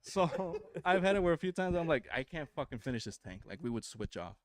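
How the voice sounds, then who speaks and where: As a podcast guest, a man shares tour stories in casual, profanity-filled fashion, an animated storyteller. His voice sits on the high side and moves briskly, on a dry recording.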